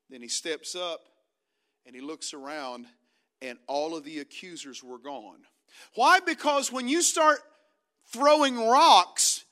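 High, bright-voiced male preacher. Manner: dramatic storytelling, swings between loud emphasis and hushed quotes. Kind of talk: sermon.

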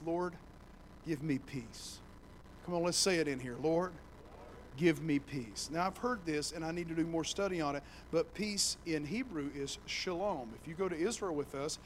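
High-voiced pastor preaching. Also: male voice, slight background noise, poor audio. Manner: animated storytelling, acts out voices, builds to shouting. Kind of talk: sermon. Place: church sanctuary.

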